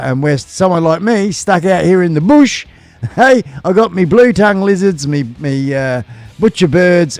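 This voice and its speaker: A man's voice: fairly high pitch, a little mellow, dry recording. A man with an Australian accent hosting a casual live stream, chatting in a rambling way with plenty of fillers.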